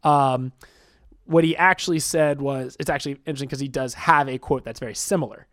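A man's voice: mid-range voice, a little fast, a bit bright. A man co-hosting a casual podcast, explaining things in a chatty way with plenty of fillers. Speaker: podcast co-host presenting quotes.

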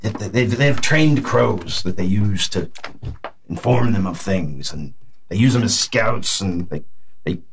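Low male game master narrating haltingly, um-ing along, soft hiss behind. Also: animated, gravelly. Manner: halting, filler-heavy narration.

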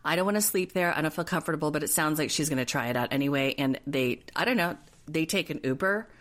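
A woman co-hosting a podcast, casually recapping a reality show in animated retellings and quoting people in put-on voices. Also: low voice, fast. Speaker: podcast co-host.

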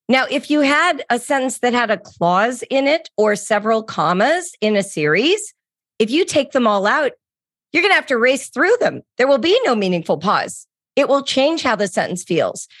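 A middle-aged woman co-hosting a podcast, explaining teaching tricks in a lively, example-filled way. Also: a little high, dry recording, studio quality. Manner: animated explainer, acts out examples. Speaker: podcast co-host. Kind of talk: casual teaching chat.

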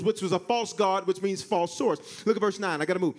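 A male pastor preaching a sermon, calling on the congregation to answer and touch their neighbor, swinging between shouts and hushed asides. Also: high voice, a little fast, few pauses. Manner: animated, swings from shouting to hushed, acts out God's voice; call-and-response with congregation.

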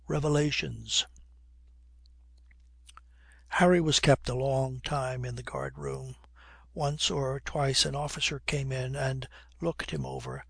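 Brief: male audiobook reader, husky, dry close sound. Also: mid-range voice, a bit bright, dry recording. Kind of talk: audiobook narration.

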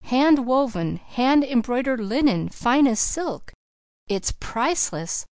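Composed, kindly mentor woman, measured and gentle, read by a woman. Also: on the high side, very animated, no room sound, voice pushed up, exaggerated voice. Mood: reassuring.

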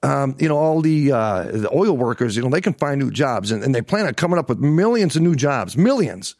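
A man's voice: medium pitch, big pitch swings, a little fast, darkish tone, no echo, clean studio sound. A middle-aged man hosting a livestream political show, ranting angrily, swearing and repeating himself for emphasis. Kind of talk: angry livestream political rant.

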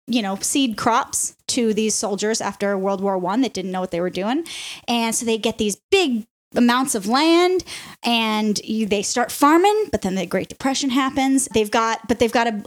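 Brief: podcast host, woman, casual storyteller, bright-ish higher pitch, playful. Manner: animated, laughs often, playful asides to co-hosts.

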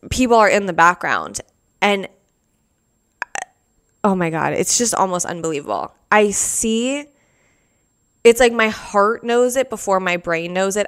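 A woman telling a personal story in a casual, animated way, full of "like" fillers, as a podcast host. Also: mid-range voice, clear, resonant tone.

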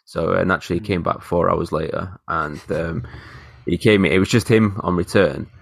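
A man's voice: sits low, fairly even intonation, moderate pace, gravelly, husky, no room sound. A man, telling a rambling, sweary anecdote in casual chat as a podcast co-host. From northern England. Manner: rambling storyteller, swears, mimics people in his stories.

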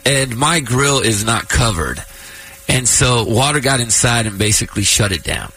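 A man's voice: mid-range voice, animated, moderate pace, pushed and bright, breathy edge, low-quality recording. A man in his thirties, a radio host, telling a personal story in casual chat, choking up and laughing through tears.

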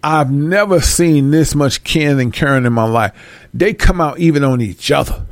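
Gravelly-voiced man ranting bluntly. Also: fairly high pitch, moderate pace, dry recording. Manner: blunt, preachy, animated, swearing. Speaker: vlogger. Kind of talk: ranting commentary to viewers.

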